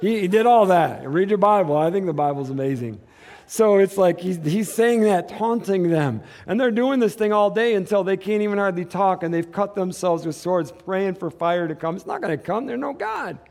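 Pastor, male, fairly high voice, casual animated sermon delivery with acted-out asides. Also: moderate pace.

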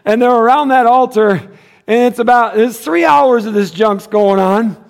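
A middle-aged male pastor preaching a sermon, joking and animated, then dropping to a hushed, earnest tone. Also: extremely high pitch, moderate pace, creaky.

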